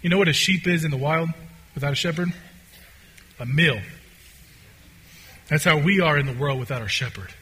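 A man preaching a conversational sermon as a pastor, swinging between loud, excited stretches and quiet, hushed ones. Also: on the high side, normal speed, long pauses, slightly rough.

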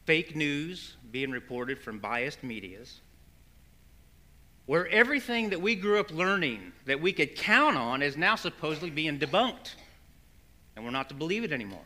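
A man's voice: a little high, sharp tone. A man preaching a conversational sermon, an earnest, folksy pastor who often restarts his phrases. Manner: earnest, folksy storytelling with repeated starts.

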